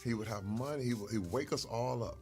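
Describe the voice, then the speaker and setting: A man telling stories from his life in casual conversation over a meal, animated and earnest, sometimes getting emotional. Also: medium pitch, fairly quick, soft background music. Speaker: guest.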